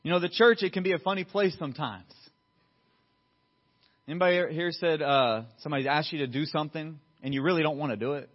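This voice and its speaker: Man preaching, fairly high voice, loud bursts then hushed low lines, dull muffled recording. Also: brisk. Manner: swings from loud emphatic to quiet low asides. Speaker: pastor. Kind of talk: sermon. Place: church sanctuary.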